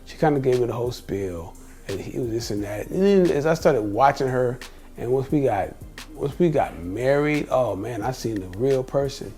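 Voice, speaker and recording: A man's voice: medium pitch, animated, normal speed, mellow, faint music behind. A middle-aged man from the United States, telling personal stories in a casual vlog monologue, rambling and acting out what people said. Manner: rambling, repeats himself, quotes people in dialogue. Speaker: vlogger.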